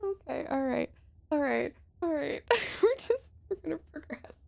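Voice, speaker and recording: Giggly young woman streamer, high voice, laughing and chatting with chat while playing. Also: expressive, a little slow, creaky, darkish tone. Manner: giggly, exclaiming, chats with viewers. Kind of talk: live-streamed game playthrough.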